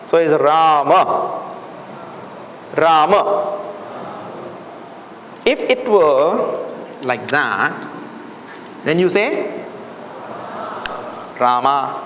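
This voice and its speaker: A man with a high-leaning, expressive, somewhat bright voice gives a Sanskrit lecture very slowly, leaving long pauses. He patiently explains and repeats words and quizzes the students as he goes, and the classroom or hall sounds echoey with faint background noise.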